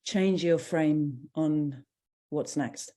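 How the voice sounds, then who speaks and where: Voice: mid-range voice, extremely slow, warm tone. A good-humored interviewer asking a guest a question in a casual conversation.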